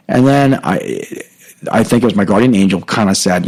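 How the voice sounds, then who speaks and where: A middle-aged man hosting a podcast, giving a casual, halting talk on faith with many fillers and restarts. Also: lowish voice, poor audio. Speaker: podcast host. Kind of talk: spoken teaching on faith.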